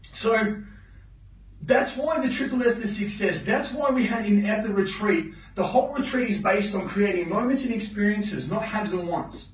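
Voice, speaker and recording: High-voiced man coaching in an echoey room. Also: moderate pace, distant mic. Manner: preachy, checks in with "yeah?"; blunt, swears for emphasis. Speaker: motivational coach. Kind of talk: live motivational teaching.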